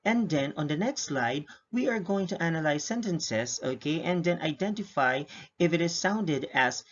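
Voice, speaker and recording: Male teacher, husky, lo-fi lesson recording, steady patient explainer. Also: fairly high pitch, moderate pace. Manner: steady explaining, frequent "okay?" checks. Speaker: English teacher. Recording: dull lo-fi recording.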